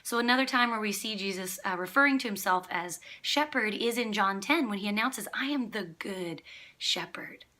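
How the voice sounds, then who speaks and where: Woman, church speaker, conversational devotional, bright tone. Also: mid-range voice, moderate pace. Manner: conversational, explains scripture with asides. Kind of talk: casual devotional talk.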